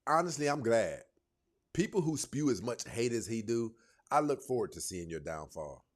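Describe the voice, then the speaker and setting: A man's voice: mid-range voice, sing-song, normal speed. A man hosting a reaction commentary, mocking and laughing as he riffs. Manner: mocking, laughing, jokey asides. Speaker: commentary host.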